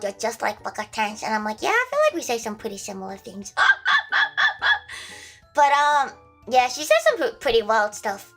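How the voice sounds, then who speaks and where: A woman's voice: on the high side, a bit bright. A young woman streaming casually, joking crudely and rambling with lots of restarts. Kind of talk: casual livestream chat.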